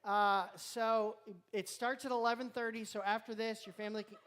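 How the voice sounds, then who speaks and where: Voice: mid-range voice, fairly even intonation, normal speed, a bit bright. A youth group leader giving rambling, joking announcements to students in a church youth room, sometimes talking while chewing. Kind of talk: casual live-stream announcements to a youth group.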